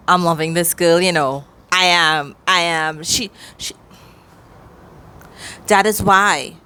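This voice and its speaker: A woman reviewing a book in a casual reading vlog, chatty and excitable, cheering out loud as she talks. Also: lowish voice.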